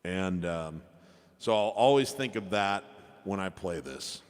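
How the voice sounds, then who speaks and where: A man's voice: sits low, animated, slow, clean tone. A man, a piano entertainer, telling a chatty, rambling story between songs at a live show. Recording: long reverb with piano music.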